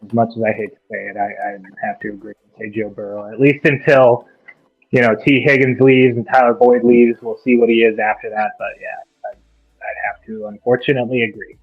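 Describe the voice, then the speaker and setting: A man joining a casual sports chat as a guest, giving quick, keen opinions. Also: mid-range voice, little pitch movement, slightly rough, dry recording, narrow, tinny audio, soft background music. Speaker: guest co-host.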